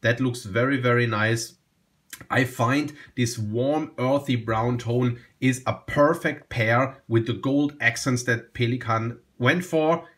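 A man talking through a fountain pen review in a relaxed, enthusiastic way, often repeating himself and restarting phrases. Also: medium pitch, takes it slowly. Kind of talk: casual product review.

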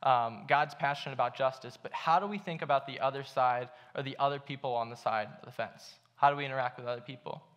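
A man's voice: medium pitch, fast talker, hardly any pauses, fairly bright tone, highs cut off. A young man preaching a sermon at a church, telling a story in a casual way with many fillers. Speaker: pastor.

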